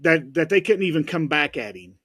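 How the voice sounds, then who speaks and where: Higher-pitched male host, dry sound. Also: lively intonation, fairly bright tone, no room sound. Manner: repetitive, emphatic, halting with restarts. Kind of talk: casual podcast chat.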